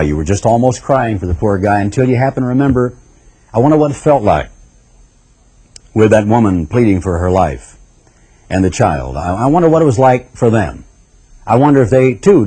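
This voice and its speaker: A man's voice: lowish voice, warm tone, husky. A man giving impassioned, rhetorical radio commentary, piling up lists for emphasis. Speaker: radio broadcaster.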